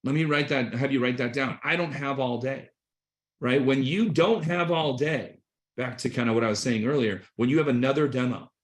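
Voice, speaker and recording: A middle-aged man giving an energetic sales coaching talk on a video call, often checking in with "okay" and "right". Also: mid-range voice, fairly quick. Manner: energetic, enthusiastic, repeats points with "okay" and "right". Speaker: sales trainer.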